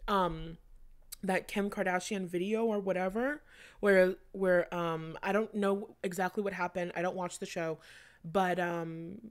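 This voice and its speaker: A woman's voice: fairly low pitch, fairly even intonation, unhurried, smooth. A young adult woman giving a casual astrology reading to her viewers, chatty and rambling, with plenty of fillers and casual swearing. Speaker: astrology reader.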